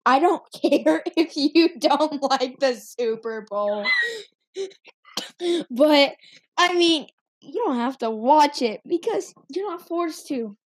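A woman's voice: sits high, lively intonation, slow pace. A woman co-hosting a chaotic casual podcast at home on a handheld microphone, playful and mock-serious. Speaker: podcast co-host. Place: home room. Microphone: handheld microphone passed around.

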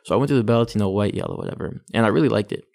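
A man's voice: on the low side, racing, gravelly, a little mellow. A young Canadian man, a guest telling his taekwondo backstory in a chatty, casual way, full of "like" and "you know". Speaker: guest, taekwondo athlete and sports psychology practitioner. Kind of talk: casual interview storytelling.

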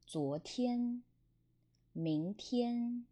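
Slow-drilling woman with a Mandarin accent. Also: medium pitch, animated, darkish tone. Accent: Mandarin Chinese. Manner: slow and deliberate, repeating words in drills. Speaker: Mandarin tone teacher. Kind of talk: slow, patient pronunciation lesson.

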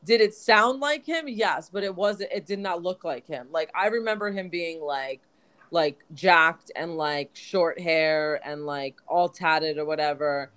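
A woman co-hosting a podcast tells a story in casual chat, full of "like" fillers. Her voice sits low with a fairly bright tone, and she speaks a little slowly.

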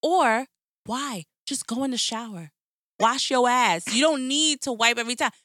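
A woman's voice: a little high, normal speed, a bit bright, no room sound, studio quality. A young woman co-hosting a casual podcast, joking and telling stories in a playful, teasing way. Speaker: podcast co-host. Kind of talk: casual chat.

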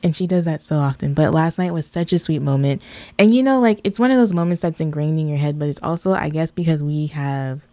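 A woman's voice: low voice, brisk, mellow, no room sound. A woman co-hosting a podcast, chatting casually and telling stories with many "like" fillers. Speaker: podcast co-host. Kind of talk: casual chat.

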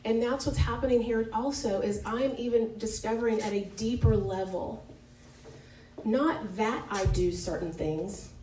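Leading an informal devotional talk for a women's Bible study, a woman speaks candidly and conversationally, with lots of fillers and frequent mid-sentence corrections. Her voice is warm, mellow and fairly high, at a measured pace. The mic catches her from a distance in an echoey church room, with a touch of hiss or hum.

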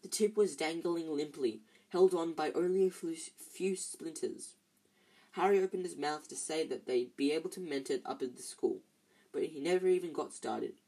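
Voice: mid-range voice, normal speed, mellow, husky. Tired amateur reader stumbling through a novel. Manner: stumbles and restarts often, tired. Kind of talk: amateur reading of a novel aloud.

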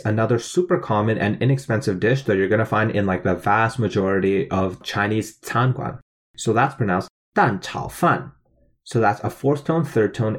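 A man co-hosting a language lesson, spelling out each word and explaining its meaning step by step. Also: fairly low pitch. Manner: clear, methodical explanation. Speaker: language teacher co-host.

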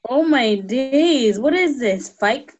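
A woman co-hosting a podcast in casual chat, reacting with quick comments and laughing along. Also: sits high, expressive, a little mellow. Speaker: podcast co-host. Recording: dull lo-fi sound.

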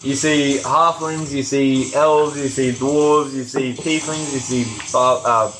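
A man's voice: mid-range voice, fairly even intonation, slow, background noise. A man narrating a tabletop game as game master, rambling with many fillers.

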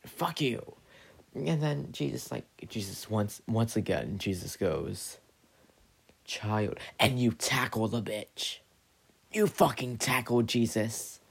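Slow gravelly man rambling. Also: fairly low pitch, lively intonation. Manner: rambling, stumbling, profane. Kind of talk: rambling comedic monologue.

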